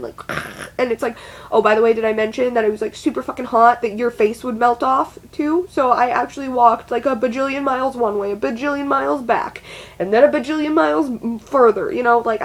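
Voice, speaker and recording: Young adult woman, high-pitched, casual storytelling, rambling, heavy swearing, lots of fillers. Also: poor audio. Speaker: vlogger.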